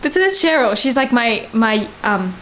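A woman in her thirties with a high, bright pitch, chatting as a guest and spinning a rambling anecdote. She giggles constantly between lines, with a faint hiss of noise behind her. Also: sing-song, normal speed, poor audio. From Australia. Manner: giggly, rambling, laughs often. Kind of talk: casual storytelling chat.

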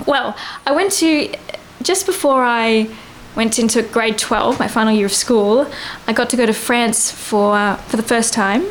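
A woman in her thirties with a high, bright pitch, chatting as a guest and spinning a rambling anecdote. She giggles constantly between lines, with a faint hiss of noise behind her. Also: unhurried, hardly any pauses, low-quality recording. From Australia. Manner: giggly, rambling, laughs often. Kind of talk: casual storytelling chat.

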